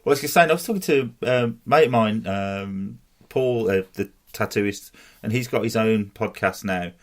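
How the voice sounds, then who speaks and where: A man in his forties co-hosting a podcast, chatting in a relaxed, rambling way. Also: lowish voice, moderate pace. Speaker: podcast co-host. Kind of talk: casual chat.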